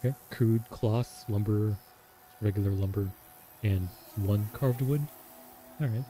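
A man's voice: on the low side, a little slow, background noise. A man giving casual commentary over a survival game, chatting and musing aloud as he plays. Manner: chatty, muses aloud, reads in-game text. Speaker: gameplay commentator.

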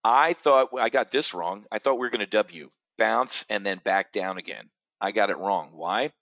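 A man's voice: on the low side, animated, moderate pace, creaky, fairly bright tone, no echo, highs cut off. A man hosting a live options-trading brief from a studio chair, talking straight to camera in brash, boastful sales patter. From United States. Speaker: trading educator. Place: indoor studio, seated facing camera.

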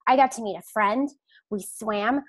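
A woman in her thirties hosts a team video call in a relaxed, chatty way. She teases and laughs easily. Her voice sits a little high. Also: moderate pace, breathy edge, no room sound. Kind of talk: casual chat.

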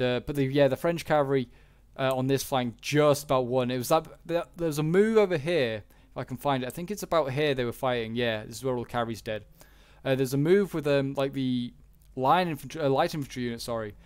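A man's voice: medium pitch, clean tone. Rambling man commentating a game. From Britain. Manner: rambling, hesitant, many fillers and self-corrections. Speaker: gaming channel host. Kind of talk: casual gameplay commentary.

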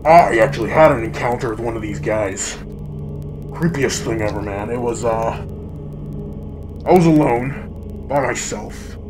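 A man giving testimony in a mock interview, hesitant and full of pauses as he recounts an eerie encounter. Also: mid-range voice. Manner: hesitant, full of uhs and ums, telling a creepy encounter. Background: music.

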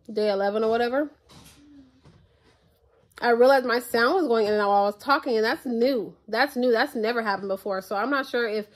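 A young woman vlogging at home into her tablet's mic, chatting to viewers in an exasperated, casual way. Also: fairly high pitch. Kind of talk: casual chat to camera. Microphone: tablet built-in mic.

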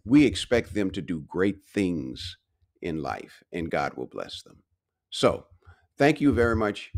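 A man preaching a morning devotional with a lively, swinging pitch that sits a little low. He leans hard on repeated phrases and drives each point home. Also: slow. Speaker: pastor and university speaker. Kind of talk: devotional sermon.

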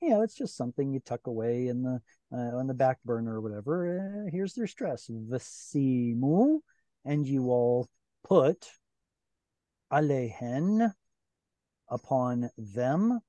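A man's voice: medium pitch, very animated, measured pace, dark tone, no echo. A man teaching a Bible Hebrew class online, explaining grammar patiently and step by step with questions to his students. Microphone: video call.

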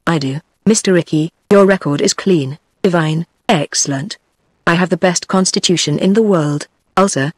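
A text-to-speech woman's voice with a British English accent, reading a play script aloud in an even, synthetic manner. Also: lowish voice, no echo, studio quality. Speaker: audiobook reader.

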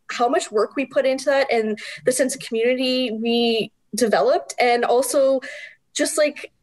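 Lively midlife woman, slightly high voice. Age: middle-aged. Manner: animated, laughing storyteller. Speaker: guest. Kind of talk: casual interview chat.

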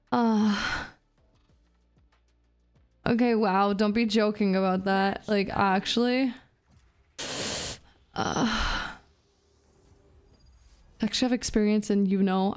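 A woman streaming a shooter game, chatting casually with her viewers, reading chat aloud and swearing between plays while feeling a bit unwell and low on energy. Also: steady tone, slow, pauses often, darkish tone, smooth, faint music behind. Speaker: VTuber streamer.

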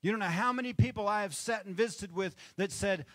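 Fast-talking, with a voice that sits high and a bit bright and no echo, a man preaches conversationally from a church stage. He keeps asking the congregation for amens, chuckling between points.

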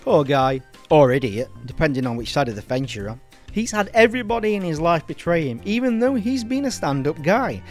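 A man's voice: a little high, sing-song, a little fast, faint music behind. A man hosting a comedic film review, sardonic, mocking and sweary.

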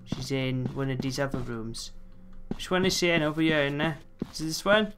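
A man's voice: on the high side, normal speed, background noise. A man commentating a horror game as he plays, joking, swearing and talking back to the characters on screen. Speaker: let's play host.

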